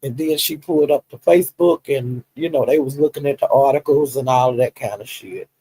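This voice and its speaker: In poor audio, a livestream commentator with a husky, mid-range voice talks a little fast. He retells online drama as laid-back gossip, laughing as he acts out quotes with animation.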